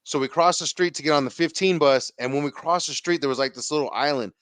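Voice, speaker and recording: Guest storyteller, male, slangy and animated, crisp clear voice, dry close mic. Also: fairly high pitch, quick pace, no room sound. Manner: slangy, profane, animated retelling with acted quotes. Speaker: podcast guest. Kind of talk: casual storytelling.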